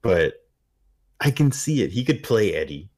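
A man co-hosting a casual podcast, tossing in dry wisecracks while his partner recaps an episode. His voice sits very low, and he delivers his jokes in a relaxed, offhand way. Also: a little slow, husky. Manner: dry wisecracks, jokey asides. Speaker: podcast co-host.

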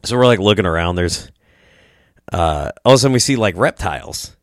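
A man's voice: low-pitched, expressive, fairly quick, dry recording, clean studio sound. A young man from Iowa telling a rambling, profane story as a podcast host, acting out the voices of people he quotes. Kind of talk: casual storytelling.

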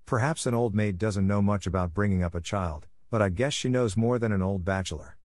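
A stern, stiff older spinster who scolds as she speaks, put on by a male reader. The voice sits a little above his usual low register, and the sound is close and dry. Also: fairly quick, a little mellow, no echo, natural voice.

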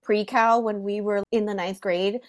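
A woman's voice: mid-range voice, steady tone, moderate pace. A young woman hosting a podcast, telling a personal story animatedly with frequent laughter. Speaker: podcast host. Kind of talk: casual storytelling.

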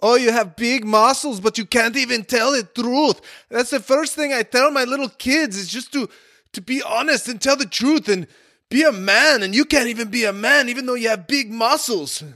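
A man doing a big, hot-tempered German restaurant owner who scolds in a high, strained voice pushed well above the narrator's own register. The boss lectures sternly in a German accent, and his timbre sounds unlike the man's usual talk. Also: moderate pace, pushed and bright, exaggerated voice. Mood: fuming, scolding.

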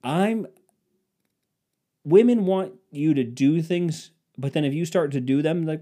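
A man's voice: on the high side, a little slow, long pauses, warm tone. A man hosting his own podcast, delivering a profane, sarcastic, rambling comedic rant. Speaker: podcast host. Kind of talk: casual comedic monologue.

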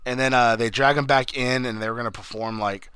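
A man's voice: medium pitch, steady tone, a little fast, sharp tone, smooth, no echo. A young man on a podcast, casually recapping a horror film in a rambling way, swearing often and acting out lines from the movie. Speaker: podcast co-host.

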